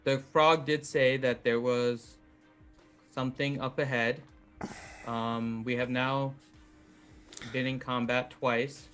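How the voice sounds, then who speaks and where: A man playing a tabletop game, asking questions hesitantly, with pauses and ums. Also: mid-range voice, little pitch movement, a bit bright, clean tone, faint music behind. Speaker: player. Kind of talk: casual game talk.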